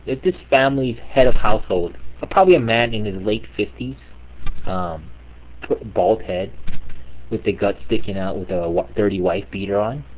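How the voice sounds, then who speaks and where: A man with a husky, slightly low voice rants to his chat room, mocking and exasperated. He swears freely and piles on absurd scenarios in disbelief. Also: moderate pace, darkish tone, poor audio. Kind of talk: comedic rant on live chat.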